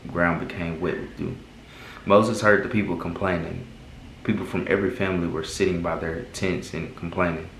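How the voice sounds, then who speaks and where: Deep, flat-voiced man reading scripture. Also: roomy sound, slight background noise, poor audio. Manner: halting, stumbles and rereads words. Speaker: Bible reading host. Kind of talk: casual Bible reading aloud. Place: second bedroom at home.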